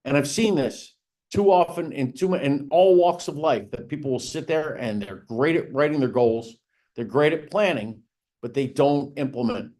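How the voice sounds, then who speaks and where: A man's voice: a little high, normal speed, dark tone. Man, real estate coach, training seminar, conversational, repeats right and again, punchy emphasis.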